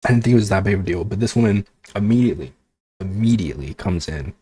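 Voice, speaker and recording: A man's voice: lowish voice, lively intonation, quick pace, warm tone, slightly rough, dry recording. A man streaming as a VTuber, ranting casually with exasperation, swearing and sarcasm. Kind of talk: casual livestream chat.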